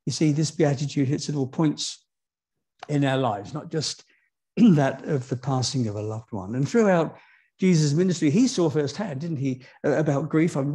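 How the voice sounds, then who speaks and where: A man preaches a sermon in a church, his voice mellow and a little husky. He drops to quiet asides and then climbs high on the key words, turning often to the congregation with rhetorical questions.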